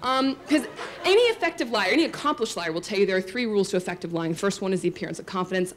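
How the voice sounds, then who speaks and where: A woman's voice: medium pitch, expressive, racing, a little hiss or hum. A woman telling a true story on stage to an audience, chatty and self-mocking, full of likes and asides to the crowd.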